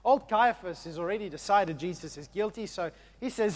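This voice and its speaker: A man preaching a sermon in an emphatic way, moving between hushed and loud passages and often repeating words. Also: sits high, fairly quick, a crowd in the background.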